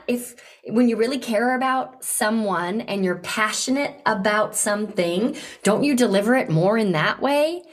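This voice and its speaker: A woman coaching a client in conversation, encouraging and animated, acting out eager invitations to make her point. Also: medium pitch, moderate pace, hardly any pauses. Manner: encouraging, animated, role-plays enthusiastic invitations. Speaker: business coach hosting a coaching session.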